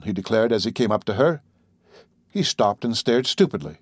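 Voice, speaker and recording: A man narrating a classic literary story in a measured, expressive reading. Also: mid-range voice, no room sound, studio quality. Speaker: audiobook narrator.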